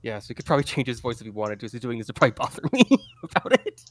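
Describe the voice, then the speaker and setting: A man's voice: medium pitch, sing-song, rapid-fire, fairly bright tone. A man playing a tabletop game, chatting casually and hesitantly, with frequent restarts. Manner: hesitant, restarts, laughs a lot. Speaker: player.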